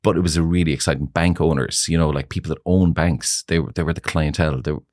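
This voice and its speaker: A man's voice: very deep voice, fairly even intonation, fast talker, darkish tone, dry recording, clean studio sound. A middle-aged man, a salon owner, telling stories in a chatty interview with frequent laughs and "you know". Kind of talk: casual interview storytelling.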